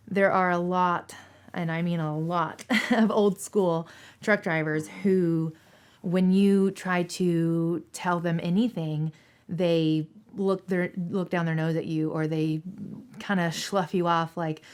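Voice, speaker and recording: A woman's voice: lowish voice, fairly even intonation, slow, smooth. A woman in her thirties from Seattle, a dispatcher giving candid, earnest interview answers with emphatic repetition. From Seattle, Washington State.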